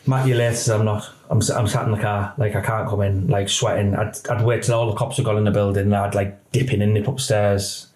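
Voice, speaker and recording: Male, ex-police interview guest; low voice, halting, emotional delivery; roomy echo. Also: fairly even intonation, a little mellow. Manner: halting, emotional retelling with many restarts. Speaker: podcast guest, former police officer. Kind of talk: candid interview storytelling.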